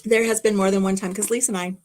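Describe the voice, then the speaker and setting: There's background noise as a middle-aged woman races through her casual livestream, her medium-pitched voice holding a steady tone. Sitting in her home craft room, she rambles, chats, and reads aloud the comments her viewers send.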